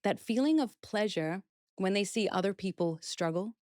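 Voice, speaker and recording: A woman's voice: mid-range voice, lively intonation, moderate pace, a little mellow, dry recording, studio quality. A woman speaking as a guest expert in a podcast interview, explaining steps earnestly and acting out example phrases.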